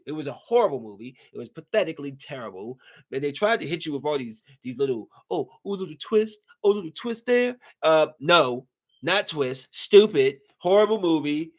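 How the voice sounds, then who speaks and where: A man with a fairly high voice rambles through a story in casual podcast chat. He talks in an animated, emphatic way, circling back and repeating himself for effect. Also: brisk. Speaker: podcast host.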